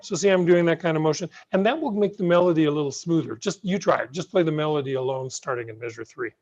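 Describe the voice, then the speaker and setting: A middle-aged man teaching piano in an online masterclass, gentle, patient and encouraging, heard over a video call. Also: a little high, quick pace. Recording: muffled video call audio.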